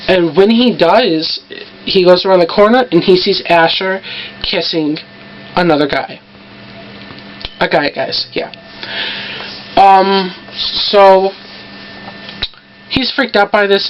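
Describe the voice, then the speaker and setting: A woman with a lowish voice runs through a TV episode in a chatty, rambling way, full of "so" and "like" and quick asides. The recording is dull and lo-fi, with faint hiss behind her. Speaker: TV episode recapper. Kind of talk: casual recap vlog. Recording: dull lo-fi home recording with faint background noise.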